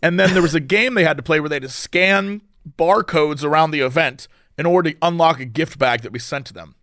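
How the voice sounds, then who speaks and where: A man's voice: a little high, a little fast, a bit bright, no room sound, clean studio sound. A man in casual podcast chat, animatedly telling a story and acting out the quoted lines.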